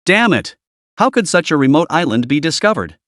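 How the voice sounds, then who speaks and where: A man voicing an irritable, haughty male clan lord with a sharp, curt way of speaking. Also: fairly high pitch, big pitch swings, brisk, dry recording, clean studio sound. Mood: tense.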